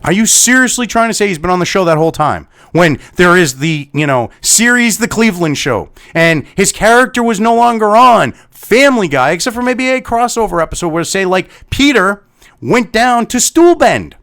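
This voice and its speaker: A man rants into the mic, heated and sarcastic, swearing with almost every phrase. His voice sits high for a man and rises and falls widely, full of indignation. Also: sing-song, normal speed, fairly bright tone. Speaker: online commentator. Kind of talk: angry profane rant.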